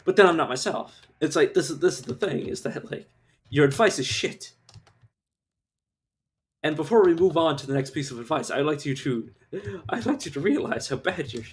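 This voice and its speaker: A man streaming a game live, ranting casually with lots of swearing and filler words. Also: on the high side. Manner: rambling rant, swears, many fillers. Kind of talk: casual live-stream commentary while gaming.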